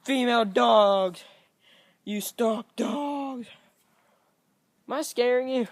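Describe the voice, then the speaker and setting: A woman's voice: on the high side, slow, no echo. A woman vlogging in her yard, talking bluntly and profanely to dogs in a playful, scolding way. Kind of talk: casual vlog, talking to dogs. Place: outdoor yard at home.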